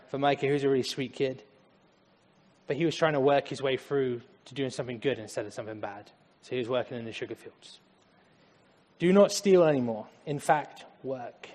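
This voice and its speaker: A man preaching a conversational sermon, mixing scripture with personal anecdotes and casual asides. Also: medium pitch. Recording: long hall reverb.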